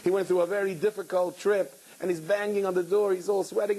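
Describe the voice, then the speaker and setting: A man giving an animated storytelling talk to a live audience as a guest speaker, with dramatic pauses. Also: high-pitched, poor audio. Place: event hall with an audience.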